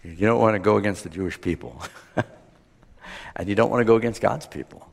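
A man preaching a sermon, retelling a Bible story and acting out the characters' lines with lively swings in pitch. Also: fairly quick, gravelly. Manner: acts out the characters' lines with rising animated pitch. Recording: long hall reverb.

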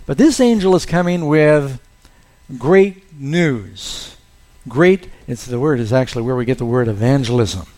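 A man preaching a sermon, telling a Bible story and slowing down to stress key words. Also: fairly high pitch, a little mellow. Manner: storytelling, leans on key words with slowed emphasis.

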